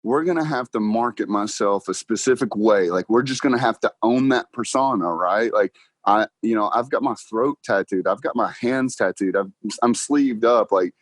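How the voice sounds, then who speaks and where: This clip features a young car salesman guesting on a podcast, his voice fairly low and his pace moderate, with no echo. In a casual interview he spins animated stories, acting out the dialogue and laughing frequently.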